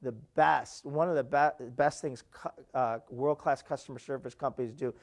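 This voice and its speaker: A man giving a live keynote talk, animated, often asking "right?" and acting out quoted voices. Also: normal speed. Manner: animated, repeats "right?" to engage the audience; acts out quoted voices with big pitch jumps. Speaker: keynote speaker.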